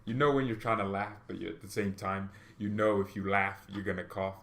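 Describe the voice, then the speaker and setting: A man hosting a football livestream, chatting casually and rambling with excited exclamations, coughing now and then. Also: on the low side, brisk, gravelly. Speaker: football channel host.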